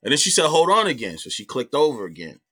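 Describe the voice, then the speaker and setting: A middle-aged man, a comedian guest, telling a personal story in animated, profane casual talk. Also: mid-range voice, quick pace, husky.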